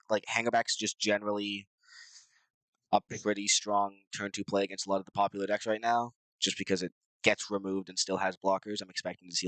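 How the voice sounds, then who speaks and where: A low-voiced man with a nasal, slightly sick sound, commentating his own card game matches. He rambles casually and unsurely, leaning on fillers. The recording is close and completely dry, with no room in it. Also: a bit bright, no room sound, rough recording. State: a little sick.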